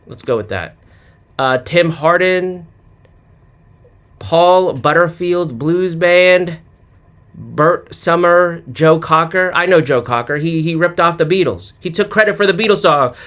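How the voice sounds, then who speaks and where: A man in a casual comedic monologue, reading off names with deadpan, mock-clueless sarcastic asides and humming snatches of songs. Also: a little high. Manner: hums and sings snatches of songs. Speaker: sports commentary vlogger.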